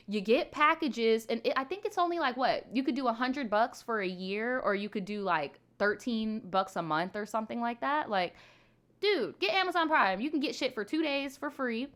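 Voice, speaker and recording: With a fairly high, sharp-toned voice, a young woman in her twenties fields questions on a relaxed live stream, frank and chatty, swearing casually and peppering her talk with "like"s and laughs.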